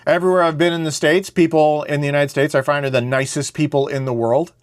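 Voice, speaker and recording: A man's voice: on the high side, fairly even intonation, fast talker, smooth. A man, hosting a casual, opinionated monologue in a blunt, rambling way. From Canada. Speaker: show host.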